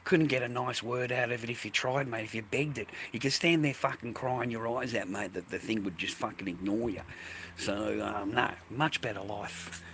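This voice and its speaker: Older Aussie bloke, bright forceful voice, swears constantly, rants to camera. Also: male voice, mid-range voice, normal speed, a little hiss or hum. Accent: Australian. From Australia. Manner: profane, ranting, peppered with mate and man. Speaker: vlogger. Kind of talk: rambling casual monologue to camera.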